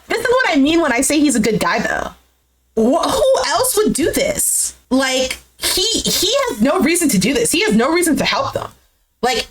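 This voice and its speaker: Animated high-pitched young woman recapping. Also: background noise. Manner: animated, exclamatory, laughs often. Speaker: recap streamer. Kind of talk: casual reaction recap.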